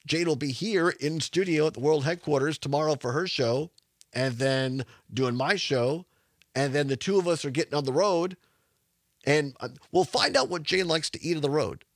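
A man's voice: on the high side, moderate pace, no echo, clean studio sound. A man hosting a radio talk show, chatty and rambling, laughing often. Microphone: studio microphone.

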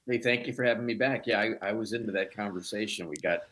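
A middle-aged man from Chicago, a documentary producer being interviewed, telling stories in a relaxed, rambling way. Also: fairly low pitch, quick pace. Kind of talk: conversational interview.

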